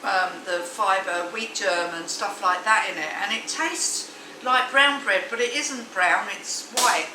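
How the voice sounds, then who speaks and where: A woman's voice: mid-range voice, slow. A woman vlogging casually from her home kitchen, chatty and enthusiastic with many ums and restarts. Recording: echoey room, distant mic, noisy.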